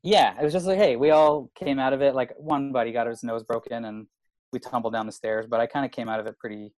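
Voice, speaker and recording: A man's voice: mid-range voice, steady tone, fast talker, darkish tone, no echo. A man, a comedian telling a long story in casual chat, rambling and swearing with constant filler words. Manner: rambling, profane, full of "like" fillers. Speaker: stand-up comedian.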